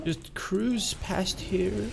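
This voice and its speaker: Guy putting on a squeaky fake german accent, whiny sore loser, drawn-out whining. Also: creaky, noisy background, exaggerated voice. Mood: taunting. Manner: whiny, sneering falsetto taunts. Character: mocking high-pitched German man, whiny and sore loser.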